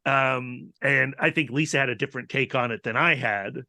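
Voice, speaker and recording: Man, podcast co-host, video call, bright tone, reflective and rambling. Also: mid-range voice, moderate pace, no echo, studio quality. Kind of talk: casual podcast discussion.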